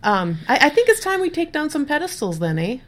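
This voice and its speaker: A woman's voice: sits high, big pitch swings, brisk, a bit bright. A woman with a Minnesotan accent, co-hosting a podcast in a casual chat and asking joking, curious questions. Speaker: podcast co-host.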